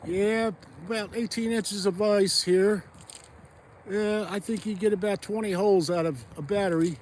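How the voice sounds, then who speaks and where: A man vlogging as he ice fishes outdoors on a frozen pond, rambling and thinking out loud into a phone camera. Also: sits high, fairly even intonation, normal speed, a little hiss or hum. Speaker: fishing vlogger. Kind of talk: casual narration while ice fishing.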